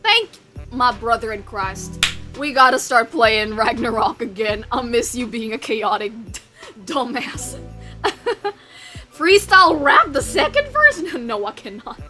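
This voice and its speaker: A woman's voice: fairly high pitch, lively intonation, measured pace, sharp tone, faint music behind. A young woman streamer from the United States chatting casually with her live chat, bubbly, rambling and swearing as she mocks herself.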